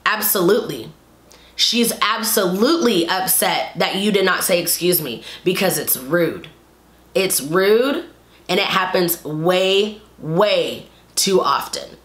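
A woman's voice: lowish voice, animated, takes it slowly, fairly bright tone, reverberant. A woman giving casual commentary in a vlog, talking emphatically and repeating her points for stress. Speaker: video commentator.

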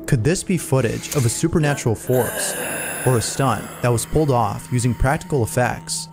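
Measured male narrator over music. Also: medium pitch, creaky. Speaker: narrator of a scary video compilation. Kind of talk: scripted narration.

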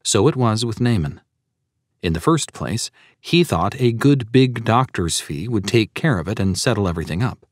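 Male audiobook narrator, low voice, earnest preaching tone, dry close recording. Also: lively intonation, normal speed, no room sound. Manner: earnest, preaching tone that cites scripture verses. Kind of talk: scripted audiobook narration of a sermon.

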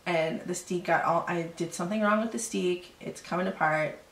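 Woman in her 30s, a bit sick, gravelly voice, laughs a lot, echoey room, kinda far from the mic. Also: fairly low pitch, moderate pace. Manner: chatty, laughing, self-deprecating. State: a little sick. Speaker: podcast co-host. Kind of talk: casual chat about knitting. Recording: roomy echo, voice a bit off-mic.

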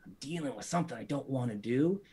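A man in his thirties, a father and guest author, chatting casually on a podcast and telling stories in a lively, animated way. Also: medium pitch, fast talker, slightly rough. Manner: animated storyteller.

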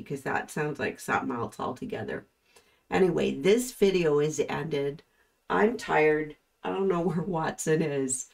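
A woman with a low voice talks slowly over trial footage in a relaxed, casual commentary. She sounds thoughtful and puzzled, pausing often as she works through her doubts. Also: creaky. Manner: slow, thoughtful and puzzled, with frequent pauses. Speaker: host reacting to trial footage.

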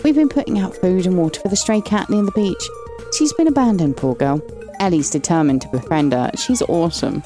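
A woman's voice: on the low side, animated, a little fast, dark tone, soft background music. An English woman giving casual, chatty commentary while playing and reading game dialogue aloud, affectionately calling characters "lovely". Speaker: gaming channel host.

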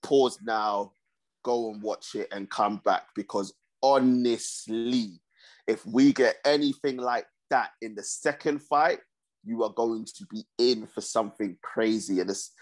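Low-voiced man hosting a podcast. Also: measured pace. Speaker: podcast host. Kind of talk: casual podcast chat.

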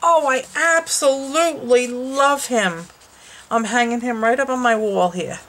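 A woman's voice: fairly high pitch, measured pace, a bit bright, rough recording. Gushing woman unboxing craft mail. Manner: gushing, exclaims often. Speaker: craft channel host. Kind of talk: casual unboxing vlog. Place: her home.

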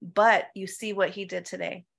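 A woman's voice: medium pitch, steady tone, normal speed, gravelly, a bit bright. A woman pastor of Filipino heritage, preaching in a church Q&A with emphatic rhetorical questions, often saying "right?" and "come on.". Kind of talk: preaching in a Q&A session.

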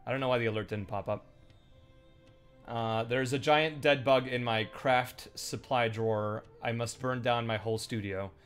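A man's voice: medium pitch, fairly even intonation, moderate pace, a bit bright, clean tone, soft background music. A man chatting casually while streaming a video game, thanking viewers and muttering asides. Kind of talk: live game commentary.

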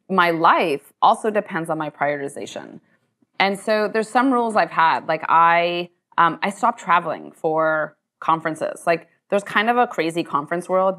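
A woman, a company co-founder and chief executive, answering onstage questions in a lively, chatty way with many "like" and "um" fillers. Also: fairly low pitch. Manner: talkative, quick, full of "like" and "um" fillers. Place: university lecture hall.

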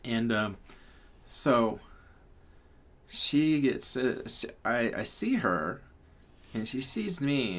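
A man's voice: fairly low pitch, fairly bright tone. A man telling a story casually, rambling and chatty, with lots of fillers and laughs. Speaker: pyrography channel host.

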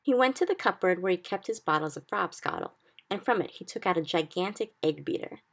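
A woman reading a children's book aloud in steady narration. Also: fairly low pitch, a little fast, gravelly. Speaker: reader. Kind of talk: storybook read-aloud.

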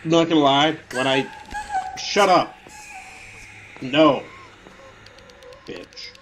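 A man giving let's play commentary on a horror game, swinging between muttered grumbles and angry yelled curses. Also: fairly high pitch, very slow, background noise. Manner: swings from mutters and whispers to angry shouting, swears a lot. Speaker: gaming video host.

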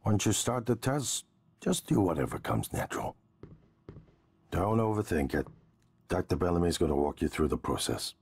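Reassuring executive brother, very deep, raspy, lively delivery. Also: male voice, full character voice. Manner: brisk, reassuring. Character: confident brother, company executive.

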